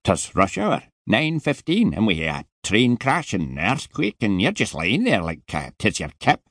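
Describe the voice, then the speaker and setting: A man voicing a squat, grumpy male security guard with a heavy Scottish accent, speaking gruffly and impatiently. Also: fairly low pitch, wildly swooping pitch, moderate pace, fairly bright tone, no echo, studio quality, voice pushed up, heavily acted. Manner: gruff, impatient, broad dialect.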